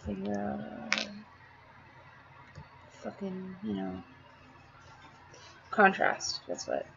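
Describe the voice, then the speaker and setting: A slightly hoarse woman giving a rambling, blunt art tutorial, swearing casually as she works. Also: medium pitch, sing-song, very slow, highs cut off, background noise.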